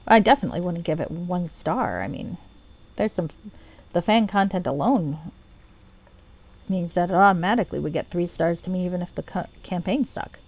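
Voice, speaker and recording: A woman's voice: lowish voice, expressive, moderate pace, a little mellow. A woman streaming a game, chatting casually and rambling, swearing freely and joking about herself. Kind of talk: casual live-stream commentary.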